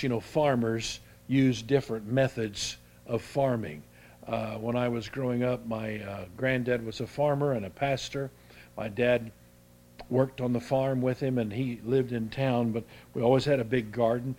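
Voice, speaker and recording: An older man preaching a sermon in a folksy, halting way, restarting his sentences often and rising in pitch and volume as he presses a point. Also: steady tone, darkish tone. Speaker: pastor.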